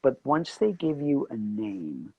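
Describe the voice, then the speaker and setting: A man being interviewed as an actor guest, telling animated anecdotes and acting out the voices of people in them. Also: mid-range voice, slow, breathy edge, no room sound, phone-quality sound. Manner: animated storyteller acting out quotes.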